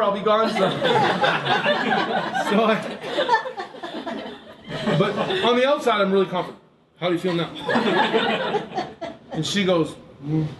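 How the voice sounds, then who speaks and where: Laughing, animated man preaching from afar. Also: sits high. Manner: laughing often, acting out quotes. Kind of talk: storytelling sermon. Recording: echoey room, mic far off, noisy.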